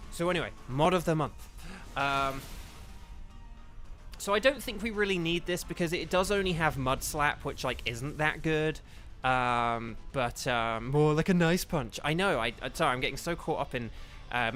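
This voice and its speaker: A man's voice: medium pitch, bright, forceful tone. An English man chatting casually to his viewers while playing a game, rambling and easily sidetracked, with lots of ums and restarts. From England. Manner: chatty, distractible, full of fillers and restarts. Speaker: streamer. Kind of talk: casual livestream chat while gaming.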